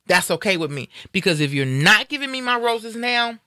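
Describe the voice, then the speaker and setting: A middle-aged woman hosts a casual talk show, her voice bright and forceful. She speaks from the heart and repeats key phrases to drive them home. The sound is close and dry, with no room around it. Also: mid-range voice, very animated, normal speed, no room sound. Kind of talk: casual chat.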